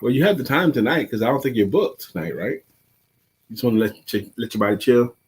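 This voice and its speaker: Sex: man. Role: co-host and coach. Style: casual livestream chat. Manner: measured and explanatory, like a teacher. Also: mid-range voice, lively intonation, husky.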